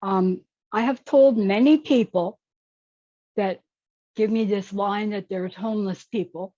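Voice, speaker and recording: A woman's voice: mid-range voice, measured pace, dark tone, dry recording, muffled recording. A woman speaking bluntly and outspokenly on a casual group call.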